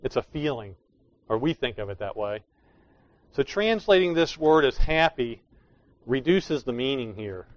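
A man's voice: medium pitch, expressive, a little slow, no room sound, dull audio. A man preaching a sermon, explaining scripture in an emphatic way that leans hard on key words. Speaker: pastor.

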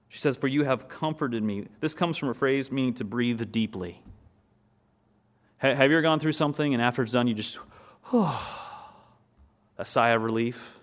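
A man preaching a sermon and teaching from a text. He asks the listeners questions, then answers them, and slows down and softens on key words. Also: mid-range voice. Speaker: pastor.

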